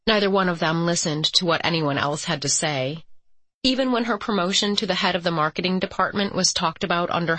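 A woman's voice: lowish voice, fairly bright tone, no echo. Woman narrating a romance audiobook. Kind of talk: scripted narration.

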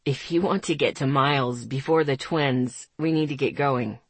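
A woman voicing a gentle, protective young man with a rich baritone, speaking in soft, low mumbles. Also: moderate pace, breathy edge, no room sound, heavily acted. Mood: matter-of-fact.

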